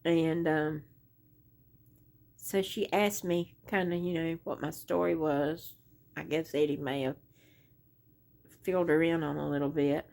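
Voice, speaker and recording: Low gravelly woman rambling. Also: steady tone, a little slow, pauses often, a little mellow. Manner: rambling storyteller, many "um" and "anyway". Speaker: crochet vlogger. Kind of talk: casual rambling chat.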